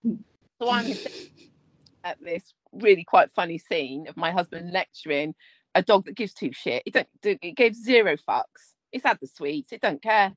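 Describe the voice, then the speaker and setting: A woman in her thirties from England, cohosting a podcast and telling funny stories in a sweary, animated way. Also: on the low side, unhurried, dry recording. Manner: sweary, animated, jumps into quoted voices. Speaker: podcast co-host. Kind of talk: casual chat, comic storytelling.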